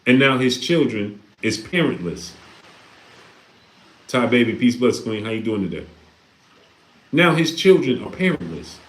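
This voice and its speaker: A man's voice: mid-range voice, sing-song, measured pace, pauses often. A man hosting a livestream, talking casually and preaching with repeated rhetorical questions. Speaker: live stream host reading Super Chats. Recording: echoey room.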